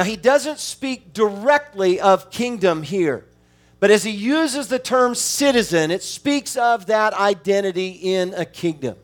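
High-voiced male preacher. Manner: rises to emphatic exhortation; reads scripture aloud between points. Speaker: pastor. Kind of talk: expository sermon.

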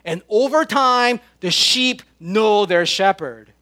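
High-voiced man preaching a slow sermon. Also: animated, sharp tone. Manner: slow, emphatic preaching with drawn-out scripture quotes. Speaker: pastor.

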